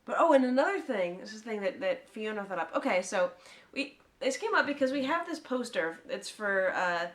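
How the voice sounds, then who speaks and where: A woman co-hosting a podcast, chatting casually with a mid-range voice. She talks in an animated way and swears freely. She launches into long, eager explanations. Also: mid-range voice, a little fast. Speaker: podcast co-host. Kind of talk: casual chat.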